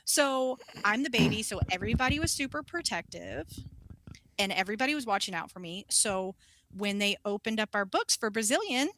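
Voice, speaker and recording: A young woman who works as a wax specialist tells an animated story in casual conversation, swearing and doing the voices of the people involved. Her voice is medium-pitched and a little fast.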